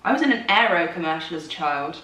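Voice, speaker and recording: A woman with a lowish, fairly bright voice talks fast and very animatedly, recorded from far off the mic in a roomy space. She's a co-host and musical theatre performer, chatting casually on a morning show about her acting work in a talkative, self-deprecating way.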